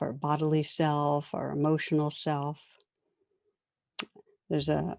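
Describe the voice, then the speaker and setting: A woman giving a dharma talk as a meditation teacher, gentle and reflective, often laughing softly as she tells stories. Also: low voice, no echo, studio quality.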